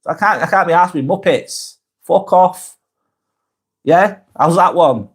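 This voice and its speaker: A man hosting a live vlog, reading comments aloud and answering them bluntly, often swearing, then softening to reassure. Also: high voice, expressive, unhurried, husky. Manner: blunt, sweary, swings between brusque and reassuring. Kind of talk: casual live vlog chat.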